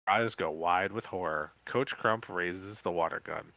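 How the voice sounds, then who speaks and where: A man co-hosting a podcast, reading an interactive horror book aloud live with quick self-corrections. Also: low-pitched, animated, sharp tone, no room sound. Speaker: podcast co-host.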